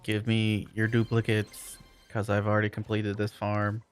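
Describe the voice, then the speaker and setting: A man's voice: on the low side, monotone, measured pace, smooth. A man streaming a game, chatting casually with viewers in a laid-back, joking way and chuckling often. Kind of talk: casual chat while playing and reading chat.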